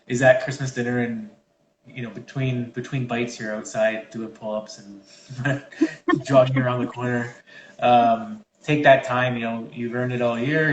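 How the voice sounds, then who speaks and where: A man's voice: mid-range voice, echoey room, muffled recording, a little hiss or hum. A man co-hosting a fitness chat, giving casual advice in a rambling way with many fillers and restarts, over a video call. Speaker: fitness trainer co-host.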